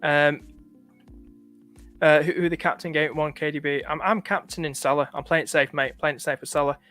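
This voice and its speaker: A man's voice: on the high side, fairly even intonation, a little fast, sharp tone, faint music behind. A man from the north of England with a light northern accent, chatting casually on a live stream, stopping often to thank viewers. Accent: northern English, light. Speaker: livestream host.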